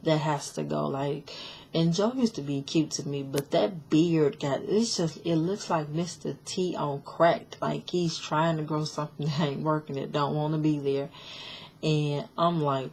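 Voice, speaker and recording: A woman with a notably low voice talks through a reality show episode in a loose, rambling way. She is blunt and sassy with her opinions and fills her talk with ums, likes and restarts. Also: steady tone, measured pace, a little mellow, slight background noise. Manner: chatty, opinionated, many fillers and restarts. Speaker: show recap vlogger. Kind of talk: casual reality-show recap.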